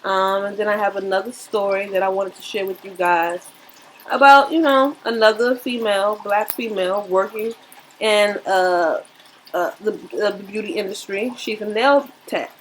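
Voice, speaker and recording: A woman speaks straight to her viewers in a casual commentary. She is earnest and a bit preachy, circling back on her points. Her voice sits at an ordinary pitch. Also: steady tone, moderate pace, slight background noise, rough recording. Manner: earnest, preachy, repeats herself. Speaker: commentary vlogger.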